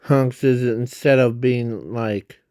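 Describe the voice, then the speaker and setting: A man rambles through his idea at a very slow, halting pace, stopping and restarting often. His voice is dark and mellow, and he is breathing hard. The recording is dry and close, with no room sound. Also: medium pitch, steady tone, no echo. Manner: halting, many fillers and restarts. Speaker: fan video creator. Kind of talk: casual rambling explanation.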